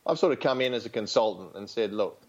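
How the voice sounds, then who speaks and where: A man's voice: mid-range voice, lively intonation, fast, muffled recording. An Australian man speaking as a tennis coach in an interview, frank and rambling, with many fillers and restarts. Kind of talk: casual interview storytelling.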